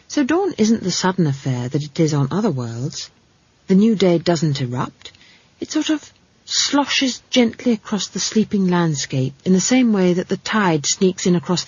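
Husky woman narrating a comic fantasy. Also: deep voice, no echo, lo-fi sound. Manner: wry, expressive storytelling with comic asides. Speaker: audiobook narrator. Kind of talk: scripted storybook narration.

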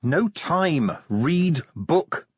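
Brief: delirious desperate watchman, put on by a male narrator, pitched up, husky, childlike repetition. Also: very animated, drawn-out words, a little mellow, no echo, highs cut off, heavily acted. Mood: dazed wailing. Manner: dazed, wailing, childlike sing-song repetition.

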